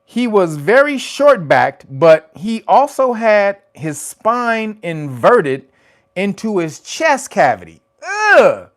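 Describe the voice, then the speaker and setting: Animated high-voiced man, laughing commentary. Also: slow pace. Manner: animated, profane, laughing often, loud exclamations. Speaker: host of a commentary channel. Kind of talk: casual news commentary.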